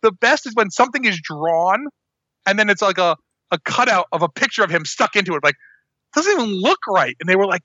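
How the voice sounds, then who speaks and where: A man with a bright, somewhat high voice co-hosts a casual podcast chat. He rambles in an animated way, often cutting himself off to restart. The sound is dry and a little dull, like a lo-fi recording. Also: a little fast, no room sound. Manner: rambling, animated, self-interrupting. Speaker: podcast co-host.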